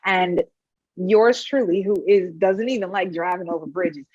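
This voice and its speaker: Wellness coach, woman, husky animated delivery, dry dull lo-fi sound. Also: on the low side, measured pace, no echo. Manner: animated storyteller, frequent "right?" tag questions. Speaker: wellness practitioner. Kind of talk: conversational panel advice.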